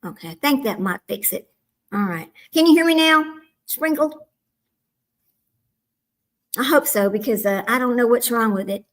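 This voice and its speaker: A woman's voice: fairly high pitch, lively intonation, moderate pace, long pauses. A woman hosting a casual livestream, chatty and addressing viewers by name, flustered and muttering to herself over technical trouble. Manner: flustered with tech, muttering asides. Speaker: livestream host. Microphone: small microphone.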